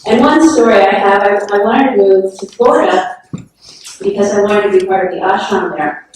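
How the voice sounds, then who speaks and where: A woman's voice: mid-range voice, animated, moderate pace, darkish tone, a little hiss or hum. A woman telling personal anecdotes at a memorial gathering in a frank, self-deprecating way, often laughing. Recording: echoey hall from far off.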